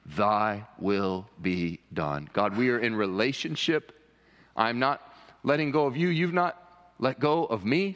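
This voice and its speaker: A man preaching a sermon as pastor, impassioned, often rising high for emphasis. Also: fairly bright tone. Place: church sanctuary. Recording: long reverb of a church hall.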